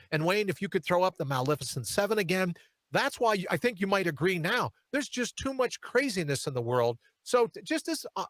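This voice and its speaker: A man's voice: fairly high pitch, a bit bright, no echo. A man hosting a talk show, telling rambling sarcastic stories and reading out viewer comments. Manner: sarcastic, rambling storyteller who reads viewer comments aloud. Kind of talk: animated political talk show monologue.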